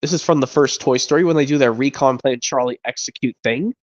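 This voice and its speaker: A man's voice: mid-range voice, fairly quick. A man casually explaining movie scenes on a stream, rambling and restarting his sentences. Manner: rambling, stop-start retelling. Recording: dull lo-fi stream audio.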